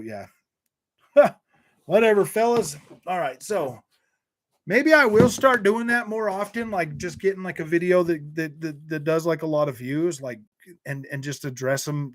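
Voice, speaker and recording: A man hosting a casual gaming live stream, reading and answering viewer comments with jokes, laughter and lots of restarts. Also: a little high. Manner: chatty, joking, many restarts and fillers; laughs often. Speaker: gaming channel host reading live chat.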